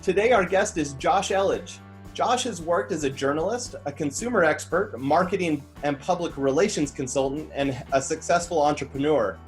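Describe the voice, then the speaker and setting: A male podcast host reading a steady, scripted introduction of his guest. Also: a little high, moderate pace, faint music behind.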